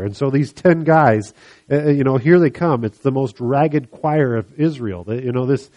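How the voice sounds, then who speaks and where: A man delivering a sermon in a storytelling manner. His voice sits at an ordinary middle pitch, and he slips into the voices of the characters as he retells the passage for his listeners. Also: moderate pace, muffled recording. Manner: animated storytelling, acting out voices of the people he describes. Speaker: pastor.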